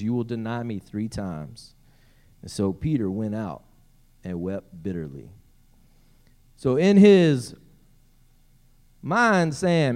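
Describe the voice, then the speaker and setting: A man's voice: medium pitch, a little mellow. A man preaching a sermon as pastor, reading scripture aloud and breaking in with playful asides.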